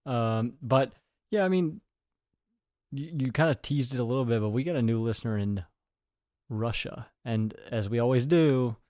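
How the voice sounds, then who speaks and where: A man's voice: medium pitch, moderate pace, a little mellow, no room sound, studio quality. A young man co-hosting a podcast, trading jokes and teasing banter in casual chat. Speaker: podcast co-host.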